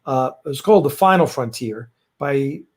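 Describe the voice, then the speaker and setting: A man's voice: mid-range voice, animated, normal speed, darkish tone. A man hosting a casual livestream chat from home, rambling with lots of fillers and restarts. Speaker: host. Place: home, fireworks outside.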